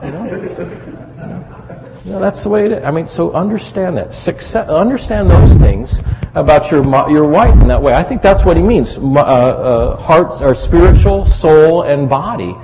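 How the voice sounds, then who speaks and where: Lively preaching man, echoey hall. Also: a little high, moderate pace, slight background noise. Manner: animated, conversational preaching with asides to the congregation. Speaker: pastor. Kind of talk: sermon on marriage. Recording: dull lo-fi recording in a reverberant hall.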